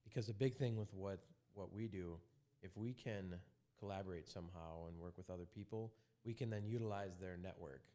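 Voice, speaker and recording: Young man with a lowish voice, earnest marketer type, chatty and loose. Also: brisk, dark tone. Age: young adult. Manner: earnest, trails off and searches for words. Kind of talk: casual chat.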